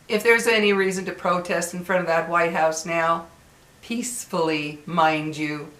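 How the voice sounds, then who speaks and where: A woman's voice: fairly low pitch, fairly bright tone, roomy sound, rough recording. A woman in her sixties venting bluntly and heatedly to her viewers, repeating herself as she complains. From United States. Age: 60s. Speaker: vlogger. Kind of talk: angry venting to camera.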